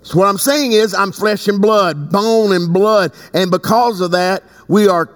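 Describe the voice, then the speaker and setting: A man preaching a sermon as bishop of his church, talking conversationally and breaking into loud emphatic bursts. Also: high-pitched, measured pace. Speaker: bishop and pastor. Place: church sanctuary. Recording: long reverb in a large hall.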